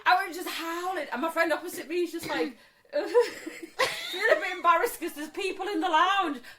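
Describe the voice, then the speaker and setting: A woman's voice: extremely high pitch, lively intonation, normal speed, noisy background. Woman laughing through a story. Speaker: podcast co-host. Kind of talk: casual chat, storytelling.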